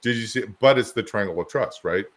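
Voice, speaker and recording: A man's voice: fairly low pitch, brisk, fairly bright tone. A man co-hosting a podcast, rambling through casual anecdotes and examples in a chatty conversational way. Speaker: podcast co-host.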